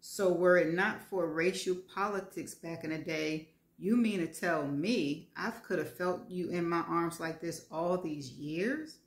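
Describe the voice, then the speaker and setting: A woman voicing an earnest, gentle middle-aged man confessing an old crush, in an echoey room. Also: fairly low pitch, a little slow, few pauses. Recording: roomy echo.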